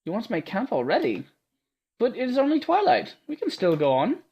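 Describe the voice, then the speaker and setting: A man's voice: high voice, huge pitch swings, a little fast, gravelly, a little mellow, slightly rough, pitched above the performer's own voice, heavily acted. A man doing a meek, stammering young woman. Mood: timid. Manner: hesitant, stammering. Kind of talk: reading a visual novel aloud.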